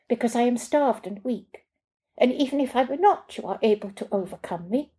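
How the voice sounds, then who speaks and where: A woman reading aloud and voicing a young immigrant cleaner, starved but calm, who speaks in a careful, formal way. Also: fairly high pitch, pitched above the performer's own voice, rough recording. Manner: measured, formal, unyielding.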